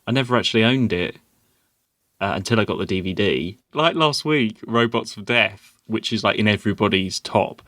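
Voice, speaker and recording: Low-voiced man, easygoing podcast host. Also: normal speed, no echo, clean studio sound. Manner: relaxed, hesitant with fillers. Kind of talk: casual chat. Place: on stage in a theatre.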